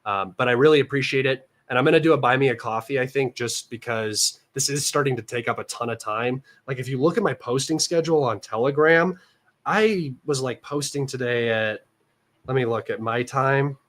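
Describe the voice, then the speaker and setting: A young American man chats loosely on a livestream from his room, rambling with many fillers and restarts. His voice is a little nasal from allergies, and his pitch sits right in the middle for a man. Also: moderate pace, a bit bright. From United States. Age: young adult. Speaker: livestream host. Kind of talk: casual livestream chat.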